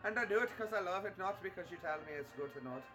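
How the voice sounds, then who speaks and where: A defiant young Scottish man, voiced by a man, thick accent, lecturing and stubborn. The voice sits high. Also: animated, very fast, pushed and bright, faint music behind.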